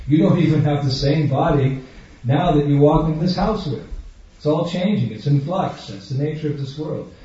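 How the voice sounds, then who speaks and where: A spiritual teacher delivers a sermon to an audience in a large room, emphatic and questioning, acting out little everyday scenes in different voices. His voice is on the high side and mellow, at a moderate pace. The recording sounds dull and echoey, captured far from the mic in a hall.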